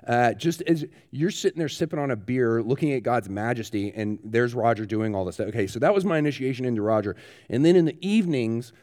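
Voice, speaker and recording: A man's voice: medium pitch, a little fast. A man preaching a sermon, telling vivid stories with growing animation. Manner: animated storyteller, rising excitement, laughs. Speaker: pastor. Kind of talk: sermon storytelling.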